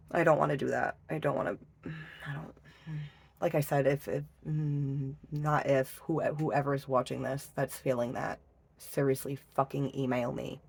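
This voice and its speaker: A woman's voice: low voice, little pitch movement, normal speed, vocal fry, a little hiss or hum. Emotional swearing woman reading tarot. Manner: emotional, swears often, trails off and restarts. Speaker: tarot reader. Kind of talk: casual tarot reading vlog.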